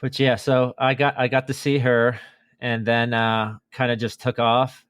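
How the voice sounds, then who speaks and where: A man's voice: mid-range voice, little pitch movement, a little slow, fairly bright tone, clean tone, no echo, studio quality. A man chatting casually as a podcast guest, telling a running story with lots of fillers and restarts. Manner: enthusiastic storytelling with many fillers. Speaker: podcast guest, marathon runner. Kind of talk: casual chat.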